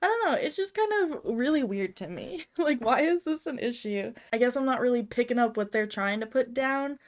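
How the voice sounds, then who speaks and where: A woman's voice: fairly high pitch, expressive, brisk. A woman giving casual, rambling commentary on memes, with lots of fillers and frequent giggles. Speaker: video creator.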